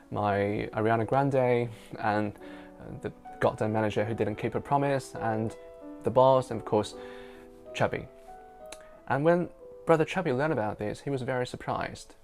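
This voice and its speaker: A man's voice: mid-range voice, normal speed, gravelly. A man from China, a native Mandarin speaker, telling a personal story in English in a chatty way, with many fillers like "you know" and "um". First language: Mandarin Chinese. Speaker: interpreter and storyteller. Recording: soft guitar music underneath.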